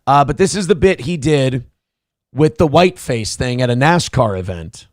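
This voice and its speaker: A man's voice: medium pitch, animated, moderate pace, no room sound, clean studio sound. A man hosting a morning talk show, riffing in a profane, sarcastic, rambling way. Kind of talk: casual comedic commentary.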